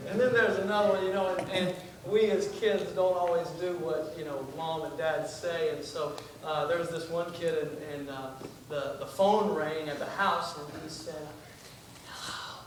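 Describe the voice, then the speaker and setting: Here the same sort of visiting missionary, a young man, speaks at normal speed in a fairly high, fairly even voice with hardly any pauses. His sermon is folksy and self-deprecating, with casual asides, many fillers and restarts. The recording catches him from a distance in a noisy, echoing church sanctuary.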